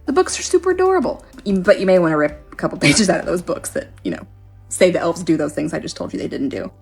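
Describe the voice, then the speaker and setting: A woman giving deadpan comedic parenting tips in a breezy, conspiratorial way. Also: deep voice, fast talker, gravelly, husky, soft background music. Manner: breezy, conspiratorial, gets animated. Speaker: comedic content creator.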